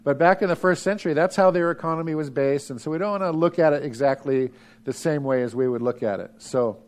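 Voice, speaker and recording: A middle-aged man preaching a sermon as pastor, lively, sometimes dropping to a hush for emphasis. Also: fairly high pitch, fast.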